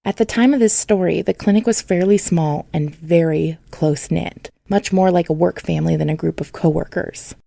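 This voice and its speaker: Female podcast narrator, low and mellow, dry and measured. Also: vocal fry, dry recording. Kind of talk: scripted narration.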